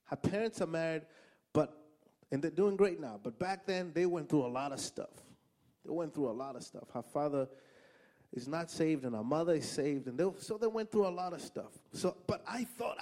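A man's voice: fairly high pitch, normal speed. A man from Africa preaching a sermon, telling funny stories and repeating lines for emphasis. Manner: animated, humorous storytelling with emphatic repetition.

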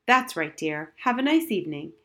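A woman's voice: fairly low pitch, sing-song, normal speed, a bit bright. A woman voicing an airy, absent-minded mother who calls people dear, in a storybook reading. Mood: breezy.

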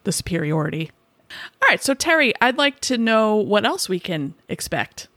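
A woman in her forties from the Boston suburbs, co-hosting a podcast with playful, teasing banter and quick interjections. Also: medium pitch, big pitch swings, a bit bright, dry recording. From Boston suburbs, USA. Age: 40s. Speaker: podcast co-host. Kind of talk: casual comedic podcast banter.

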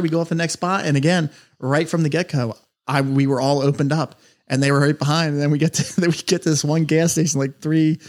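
A man with a slightly high voice chats as a podcast guest. He tells stories animatedly, laughing often and restarting his sentences. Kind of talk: casual chat, storytelling.

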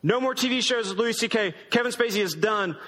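High bright guy preaching, casual but emphatic, big echoey hall. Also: fairly quick. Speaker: pastor. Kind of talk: sermon. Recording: long hall reverb.

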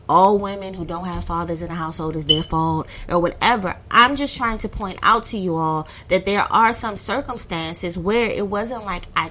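A woman's voice: mid-range voice, pushed and bright. A woman tells a story casually and animatedly, acting out her friends' voices and swearing freely.

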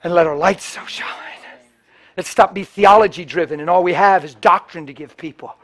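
A man's voice: high-pitched, normal speed. Impassioned male pastor preaching. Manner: impassioned, swings from loud bursts to hushed storytelling. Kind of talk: sermon.

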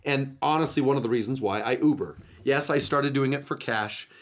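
A man hosting a podcast, telling his stories in an animated, chatty casual way. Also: medium pitch, fairly quick. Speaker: podcast host. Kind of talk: casual storytelling chat.

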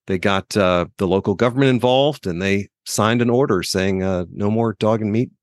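A man co-hosting a casual podcast chat, relaxed and hesitant, with frequent fillers as he talks. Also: on the low side, moderate pace, no echo. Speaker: podcast co-host.

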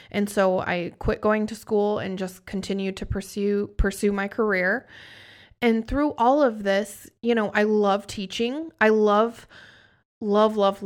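A woman in her thirties with a mid-range voice appears as a podcast guest, telling her story with candor and earnestness. She frequently restarts her sentences.

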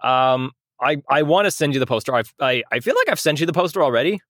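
Male podcast co-host, jokey and fast to laugh, high-ish lively voice, dry close sound. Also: dry recording. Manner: laughs often, jokey, puts on voices when reading quotes. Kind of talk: casual comedic chat.

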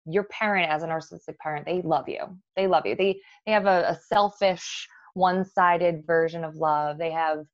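A woman's voice: fairly low pitch, fairly even intonation, moderate pace, hardly any pauses, no room sound, muffled recording. A woman therapist explaining in a professional conversation, with many fillers and restarts. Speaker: therapist guest.

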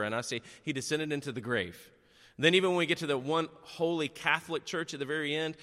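Give me a middle-aged man preaching, animated and conversational, a bit higher-pitched than most. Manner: animated conversational storytelling, self-deprecating. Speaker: pastor. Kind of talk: sermon. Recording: long echo of a large hall.

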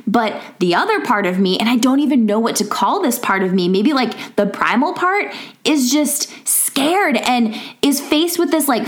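A woman in her thirties hosts a podcast and delivers a casual pep talk from home. Her voice sits a bit high. She is chatty, laughs often and fills her sentences with "like". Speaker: podcast host. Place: home in a rural area.

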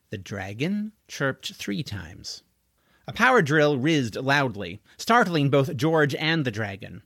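A man narrating a middle-grade novel in an expressive, scripted audiobook reading. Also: mid-range voice, slow, vocal fry, no room sound, studio quality.

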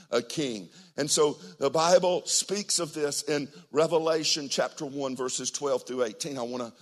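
An older man preaching a sermon as pastor, dramatic, swinging between hushed near-whispers and loud, shouted passages. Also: mid-range voice.

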